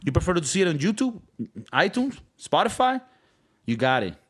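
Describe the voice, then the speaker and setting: A man's voice: high-pitched, big pitch swings, normal speed, a bit bright, husky. Young venezuelan guy cohosting a podcast, spanish accent, rambles and cracks irreverent jokes. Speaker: podcast co-host. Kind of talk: casual podcast chat.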